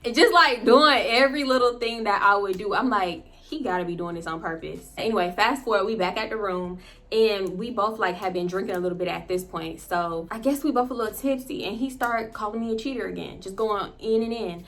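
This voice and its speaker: A woman vlogger telling a personal story in a casual, animated way, often turning to her viewers and laughing. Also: medium pitch, a little fast.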